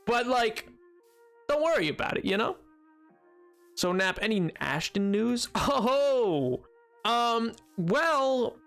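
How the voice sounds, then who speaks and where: A man's voice: very high-pitched, expressive, takes it slowly, long pauses, fairly bright tone, soft background music. A young man streaming a game, chatting casually with chat in a rambling, self-deprecating way with playful bits. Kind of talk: casual chat while gaming, reading chat aloud.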